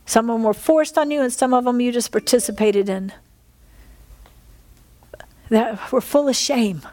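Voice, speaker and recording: A woman's voice: on the high side, a little slow, a little mellow. A woman preaching and praying fervently to a congregation, repeating phrases and exhaling between lines. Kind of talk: sermon with prayer. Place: church service with congregation.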